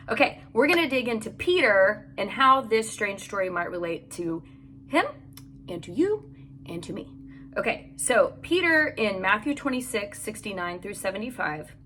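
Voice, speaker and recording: A woman's voice: mid-range voice, a bit bright, slight background noise. A woman hosting a devotional podcast, chatting casually and reading scripture aloud while recording in a home closet. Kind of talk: casual devotional Bible teaching.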